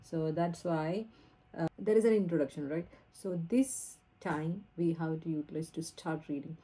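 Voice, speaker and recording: An Indian woman teaches in a low, mellow voice, speaking earnestly and pausing on fillers as she explains. She records herself on a phone camera. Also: husky. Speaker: English test trainer.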